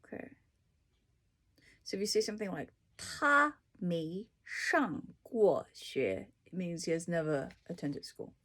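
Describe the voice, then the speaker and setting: A woman tutor works her way through a dictionary, explaining each word with simple examples and the odd soft aside. Her voice is slightly low and a little husky. She talks slowly and without hurry. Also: sing-song. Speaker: language tutor. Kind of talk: casual dictionary read-through.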